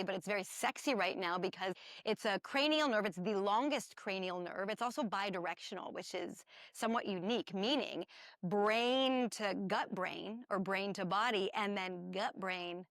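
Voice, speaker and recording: Woman co-host, enthusiastic wellness explainer, mid-pitched, dry close sound. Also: dry recording. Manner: enthusiastic, explaining with playful asides. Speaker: podcast co-host. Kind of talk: spiritual wellness chat.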